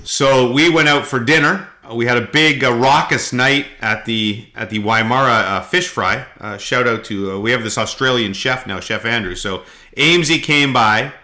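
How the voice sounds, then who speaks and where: A middle-aged man from Canada, co-hosting a podcast and telling animated anecdotes in casual chat. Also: mid-range voice, normal speed. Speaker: podcast co-host.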